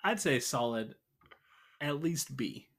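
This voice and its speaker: Dry-witted man with a bright voice. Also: mid-range voice, animated, takes it slowly, husky. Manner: dry, teasing wit. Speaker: podcast co-host. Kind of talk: casual chat.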